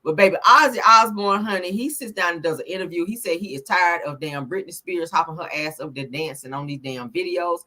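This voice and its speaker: A woman's voice: lowish voice, a little fast, hardly any pauses, bright, forceful tone. A woman vlogger reacting to news clips in a sassy, chatty way, laughing often and calling her viewers honey and child. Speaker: commentary vlogger. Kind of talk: casual reaction commentary.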